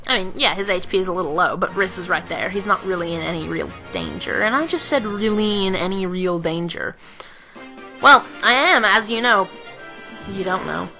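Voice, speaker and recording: A woman's voice: medium pitch, expressive, normal speed, pushed and bright, soft background music. A woman giving casual, rambling gameplay commentary, joking at her own expense and giggling often. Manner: rambling, self-mocking, giggly. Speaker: let's play commentator.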